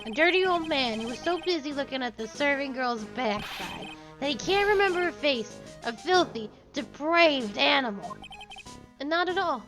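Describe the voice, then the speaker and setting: A woman's voice: sits high, expressive, moderate pace, over music, low-quality recording. A woman playing a furious cranky old man. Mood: angry. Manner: gruff, barking, indignant. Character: cranky angry old man, shouting craftsman.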